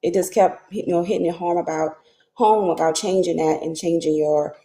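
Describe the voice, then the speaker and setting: A woman's voice: lowish voice, normal speed, dark tone, echoey room. A woman in a reading group sharing her thoughts earnestly over a Bluetooth headset, often checking whether she is understood. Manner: earnest, asks "you know what I'm saying?". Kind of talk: casual group discussion over a call.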